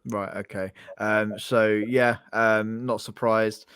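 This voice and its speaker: Low flat-voiced man, blunt. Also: takes it slowly, clean tone, no room sound. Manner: blunt, hesitant with many ums. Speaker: podcast co-host. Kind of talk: casual fan podcast chat.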